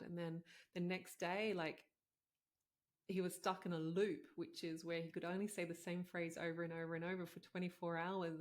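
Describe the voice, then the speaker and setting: A woman in her thirties with a slightly low voice, hosting her own show. She tells a personal story in a heartfelt, conversational way, full of "like" and "you know.". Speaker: podcast host, integrative doctor.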